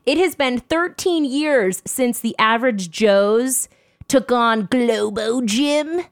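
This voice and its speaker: A woman's voice: on the high side, lively intonation, slow, dry recording, studio quality. A young woman co-hosting a casual podcast, chatty and laughing often as she reads out news items. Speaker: podcast co-host. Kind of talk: casual chat.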